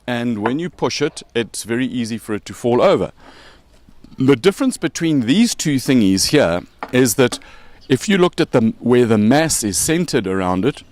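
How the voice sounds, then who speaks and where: A man's voice: mid-range voice, big pitch swings, moderate pace, darkish tone. A man with a South African accent hosting a casual show, explaining with props and joking along the way. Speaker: podcast host.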